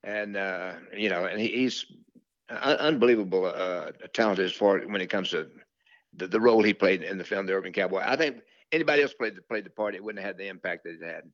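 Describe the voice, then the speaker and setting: A man's voice: low voice, fairly quick, fairly bright tone, no echo, lo-fi sound. An older man, a country singer telling rambling stories from his career in an interview, full of fillers and restarts. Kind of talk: relaxed storytelling interview.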